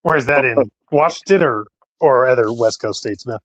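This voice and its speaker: A man's voice: mid-range voice, moderate pace, no room sound. A man on a live stream panel who talks in a rambling, casual way. His voice comes over a slightly dull, muffled line. It sounds dry, with no room around it.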